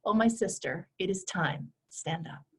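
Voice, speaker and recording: A woman leading an online class, talking listeners through a guided meditation in a gentle, soothing, affectionate way. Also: fairly low pitch, lively intonation, unhurried, heavy background noise. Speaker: course leader.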